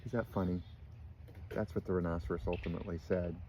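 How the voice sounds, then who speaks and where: An older man with a fairly low voice reads a picture book aloud to his grandchildren. He stops often to ask them gentle questions, and a faint hum of the room sits behind him. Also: fairly even intonation, fast talker. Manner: gentle, asks children questions.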